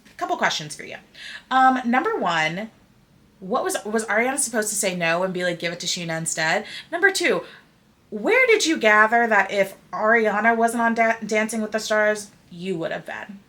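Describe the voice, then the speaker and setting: A young woman hosting a casual pop culture podcast, opinionated and animated, saying "like" constantly. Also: mid-range voice, normal speed. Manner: animated, opinionated, heavy use of "like". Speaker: podcast host.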